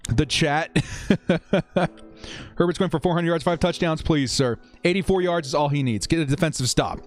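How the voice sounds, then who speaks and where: A young man hosting a live watch-party stream, chatting with viewers and getting excited over each play. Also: on the high side, normal speed, faint music behind.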